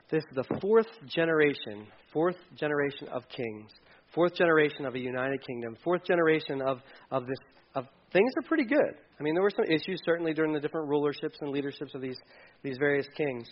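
Animated man preaching in a high voice. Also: brisk, dull audio. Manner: animated, acts out the king's lines with humor. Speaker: pastor. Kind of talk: sermon.

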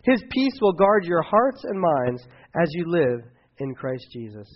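Husky male pastor preaching casually. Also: a little high, big pitch swings, unhurried, lo-fi sound. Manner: informal storytelling with many fillers and restarts. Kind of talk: sermon with closing prayer.

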